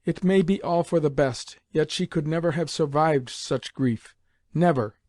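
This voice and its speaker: A man's voice: mid-range voice, moderate pace, a little mellow, dry recording, studio quality, natural voice. A man reading an audiobook, voicing a stern, reproachful elderly grandmother who stresses each word. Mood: distraught. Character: stern, tearful aristocratic grandmother, elderly woman. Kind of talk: audiobook character voice.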